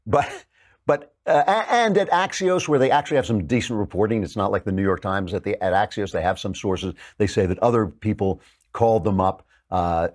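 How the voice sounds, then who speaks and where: A man's voice: lowish voice, brisk. Sardonic male political talk host. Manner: sardonic, mocking, lively. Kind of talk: sarcastic political commentary.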